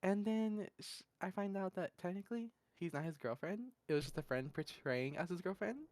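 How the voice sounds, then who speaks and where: A slangy, blunt podcast host tells a long story in loose, casual chat, laughing often and padding with "da, da, da." The voice sits at a middling pitch and sounds dry and close. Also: expressive, normal speed, a little mellow, dry recording. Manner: rambling, laughs often, fills gaps with "da, da, da".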